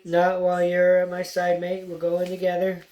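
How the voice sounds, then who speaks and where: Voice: mid-range voice, monotone, moderate pace, darkish tone, lightly acted. A reader voicing a brave male squirrel border warrior who speaks steadily and loyally in a storybook reading. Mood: resolute.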